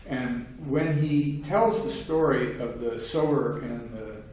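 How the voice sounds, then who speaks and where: A man's voice: mid-range voice, takes it slowly, darkish tone. An older man giving a discursive seminar talk on philosophy, with frequent restarts and fillers, now and then acting out quoted voices. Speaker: philosophy lecturer. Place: seminar room. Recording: very echoey room, distant mic, faint hiss.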